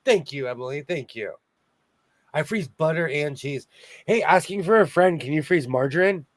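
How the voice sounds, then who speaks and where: A man's voice: on the high side, expressive, normal speed, dry recording. A man hosting a casual sewing chat, jokey and chatty, laughing often. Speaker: host of a sewing chat show.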